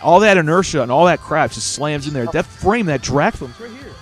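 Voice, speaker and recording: A man's voice: fairly high pitch, very animated, a little fast, soft background music. A man hosting a casual live show, telling stories animatedly and swearing freely. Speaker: show host.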